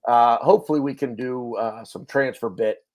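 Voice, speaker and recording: A man's voice: medium pitch, moderate pace, darkish tone. A man hosting a casual fan show over a video call, chatty and joking, with many fillers. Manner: chatty, jokey, lots of fillers. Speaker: podcast host.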